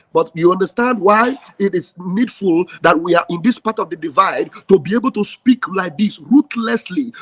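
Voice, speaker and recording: Fiery high-voiced Nigerian man. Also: fairly bright tone. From southeastern Nigeria. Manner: fiery, emphatic, repeats rallying phrases. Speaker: activist. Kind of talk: impassioned rallying speech.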